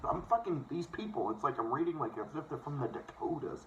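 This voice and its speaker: Animated male reader, ranting and profane, lo-fi phone recording. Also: on the high side, a little fast, few pauses. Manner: profane, sarcastic interjections between passages; stumbles over words and corrects himself. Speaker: host reading a book aloud. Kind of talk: casual read-aloud with ranting asides. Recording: dull lo-fi phone recording, faint hiss.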